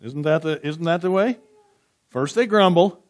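A man preaches in a church, his voice sitting a little high for a man. He reads scripture slowly and quietly. Between readings he turns chatty, asking his congregation questions and answering back. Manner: conversational, asks the room questions and answers back. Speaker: pastor.

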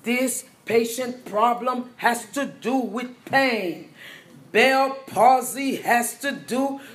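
A woman's voice: on the high side, slow. A woman teaching a live nursing exam review class, quizzing students and repeating key points. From Haiti. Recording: echoey classroom with faint ambience.

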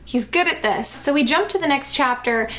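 A young woman hosting a comedic reading of fan fiction, with deadpan, sarcastic asides. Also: high-pitched, normal speed.

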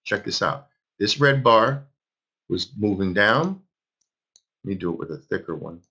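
An emphatic man in his fifties leads a live trading class, his pitch swinging up and down. His voice has a husky edge. He repeats phrases and fires questions at his listeners. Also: expressive, measured pace, bright, forceful tone. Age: 50s. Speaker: trading instructor.

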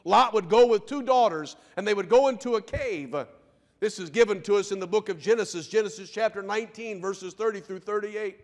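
Male preacher with a pretty high voice, leans hard on words, big church echo. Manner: emphatic preaching with slowed, stressed phrases. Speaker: pastor. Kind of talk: sermon. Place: church sanctuary. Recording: long church reverb.

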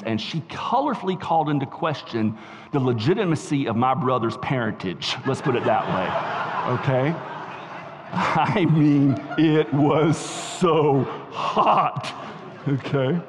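A middle-aged man with a Southern US accent preaching a sermon as pastor, telling a story and swinging from soft asides to emphatic shouts. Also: medium pitch, a little hiss or hum. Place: church sanctuary. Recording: reverberant church hall.

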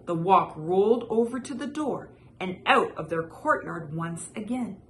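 Woman storyteller, gentle and expressive, reading a picture book slowly, faint room hum behind. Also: mid-range voice.

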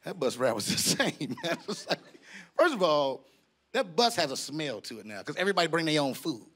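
A man's voice: fairly high pitch, sing-song, a little fast, a bit bright, a little hiss or hum. A man doing stand-up comedy, telling a slangy story with animation into a handheld mic on a club stage.

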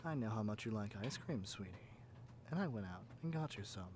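A man's voice: fairly low pitch, expressive, brisk, very noisy, lightly acted. A man doing a cooing yandere captor, whispered role-play. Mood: doting. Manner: soft, sweet and cooing, often whispering. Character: doting, possessive male yandere captor. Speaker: ASMR roleplay performer.

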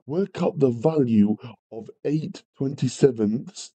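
A man's voice: medium pitch, takes it slowly, warm tone, breathy edge, rough recording. A man teaching a live maths revision lesson, greeting viewers and apologising often as he works through problems. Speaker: maths tutor.

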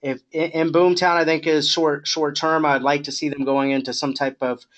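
Relaxed man coaching a sales agent. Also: a little high, moderate pace. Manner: relaxed, encouraging, filler-heavy. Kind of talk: coaching call.

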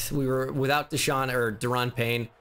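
A man's voice: mid-range voice, steady tone, unhurried, fairly bright tone, clear, resonant tone, faint music behind. A man giving casual commentary on his video game season, frustrated and stammering, with some swearing. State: upset. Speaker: gaming YouTuber.

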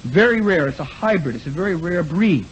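Lively man preaching on a lo-fi recording. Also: a little high, brisk. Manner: acts out quoted speakers, asks the audience. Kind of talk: congregation talk. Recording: lo-fi recording with faint noise.

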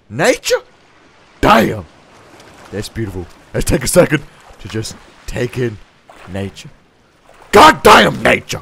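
A man giving jokey gameplay commentary as a video host, jumping from quiet asides to loud shouts and sing-song bits. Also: a little high, very animated, a little slow, vocal fry, pauses often, faint music behind.

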